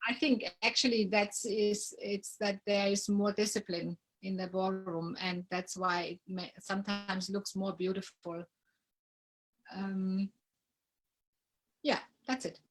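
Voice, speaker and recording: Woman, German accent, casual interview guest, halting, mid-pitched voice. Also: poor audio. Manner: relaxed, halting, searching for words.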